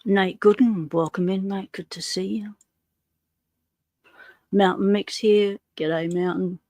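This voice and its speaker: A woman's voice: mid-range voice, steady tone, slow pace, dark tone, no room sound. An Australian woman hosting a casual livestream, greeting viewers in the chat by name with friendly slang. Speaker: livestream host.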